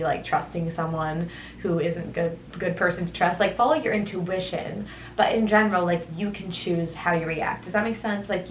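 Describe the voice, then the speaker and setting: A woman's voice: lowish voice, roomy sound, a little hiss or hum, rough recording. A young woman hosting a solo podcast, talking through her thoughts in a reflective, meandering way, wandering into tangents. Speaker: podcast host. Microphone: headphones on, studio-style mic.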